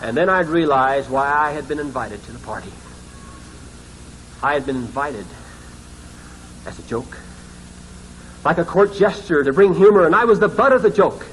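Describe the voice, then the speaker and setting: A male pastor tells a dream story in a dramatic sermon, often sinking to hushed, ashamed tones. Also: on the high side, animated, moderate pace, long pauses, a little hiss or hum, poor audio.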